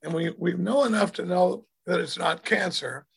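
Older man, hoarse and husky, chatty self-deprecating speaker on a home video call. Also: sits high, moderate pace. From Dallas, Texas. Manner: rambling, self-deprecating, repeats words. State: hoarse from throat trouble. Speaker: speaker telling his recovery story. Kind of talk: casual storytelling talk. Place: home, indoors.

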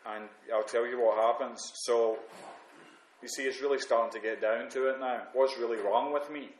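A man's voice: mid-range voice, fairly even intonation, normal speed. Candid man in an echoey room. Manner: candid, self-mocking, many restarts. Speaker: recovering alcoholic sharing on the program. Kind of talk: reading aloud then personal reflection. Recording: roomy echo, faint background noise.

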